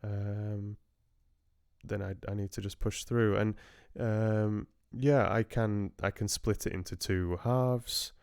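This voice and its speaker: A man with a very low, smooth voice talks casually to his live-stream viewers. He rambles and hesitates, restarting sentences as he goes. The sound is dry and close, with no room echo. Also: fairly even intonation, slow pace, a little mellow. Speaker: audiobook narrator hosting a live stream.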